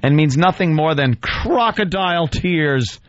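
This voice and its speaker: A man's voice: on the high side, expressive, unhurried, highs cut off. A man co-hosting a radio show, reading a blog aloud in a sarcastic, mocking way. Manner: sarcastic, reads text aloud and mocks it. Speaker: radio co-host. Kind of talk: mocking read-aloud commentary.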